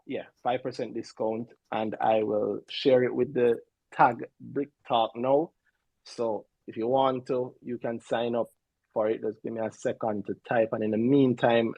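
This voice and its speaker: A man with a gravelly, husky voice hosts a casual livestream show. His sound is dry and close, and he talks in a loose, chatty way, often stumbling over and repeating his words. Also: medium pitch, darkish tone, no echo, poor audio. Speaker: show host.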